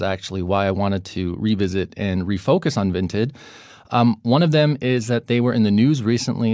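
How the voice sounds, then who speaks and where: A man hosting a podcast, reading a lively intro and then chatting with many "uh"s and restarts. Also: on the low side, no echo, clean studio sound. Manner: upbeat, with many fillers in unscripted talk. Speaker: podcast host. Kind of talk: podcast interview.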